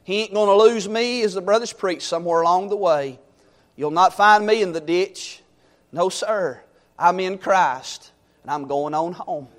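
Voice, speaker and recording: A middle-aged man preaching a sermon, swinging from loud exhortation to quiet storytelling. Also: high voice, measured pace.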